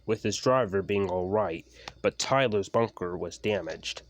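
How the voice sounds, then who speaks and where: A man narrating a homemade fan story in a halting, casual way. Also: fairly low pitch, highs cut off, slight background noise. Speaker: narrator and voice actor.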